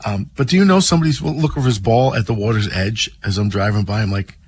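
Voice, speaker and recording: A man co-hosting a casual radio show, a former cop telling lively, incredulous stories. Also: fairly low pitch, quick pace, slightly rough.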